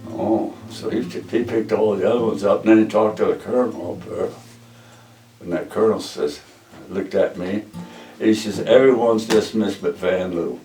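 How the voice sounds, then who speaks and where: A man's voice: fairly low pitch, fairly even intonation, moderate pace, mellow, reverberant, recorded from a distance, soft background music, poor audio. An older man, a veteran, telling his army story in a plainspoken way, often repeating "he says" as he retells conversations. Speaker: veteran interviewee. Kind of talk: oral history storytelling.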